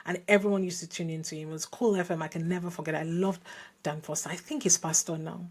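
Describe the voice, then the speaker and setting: Nigerian-born woman hosting her podcast, lowish husky voice, thinks out loud and restarts a lot. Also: steady tone, quick pace. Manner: reflective, with frequent restarts and asides. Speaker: podcast host. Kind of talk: personal storytelling.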